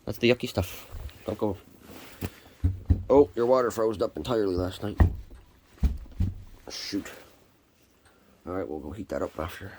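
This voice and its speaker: A man on a cold morning, chatting to his kittens during chores and swinging between high, sing-song baby talk and a low, plain voice. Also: lively intonation, a little slow, long pauses, noisy background. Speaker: vlogger caring for animals. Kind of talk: casual talk to pets while doing morning chores. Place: outdoors or animal shed on a cold morning.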